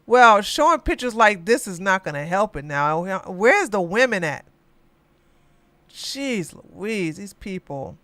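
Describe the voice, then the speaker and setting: A podcast host reading news headlines aloud and reacting with loud exclamations and asides. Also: mid-range voice, very animated, slow, no echo. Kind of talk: live news commentary.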